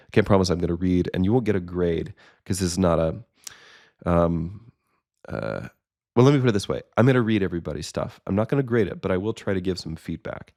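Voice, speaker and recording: A man's voice: low voice, a little mellow. A man who teaches courses, talking casually and earnestly to his viewers, rambling with many fillers and restarts, from his own recording studio. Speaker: course instructor. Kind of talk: casual solo talk to viewers.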